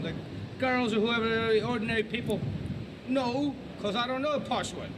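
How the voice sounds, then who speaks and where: A man with an American accent boasting about his accent impressions in a video, slow and full of street slang. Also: extremely high pitch, background noise. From United States.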